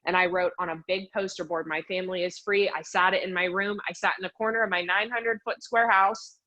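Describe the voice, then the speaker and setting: Her pitch fairly low and her pace a little fast, a young western Pennsylvania fitness coach tells her story as a podcast guest. The talk is a casual storytelling interview, and she's chatty and animated, filling her speech with "like" at every turn.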